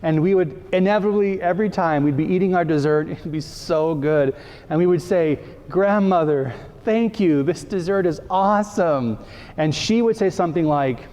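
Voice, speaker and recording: A male priest delivers a relaxed, conversational sermon in a church, his voice sitting high yet mellow in tone. He slips into playful little acted-out exchanges to make his point. The long reverb of the big hall trails behind every phrase. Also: moderate pace. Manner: conversational, acting out little dialogues for the congregation.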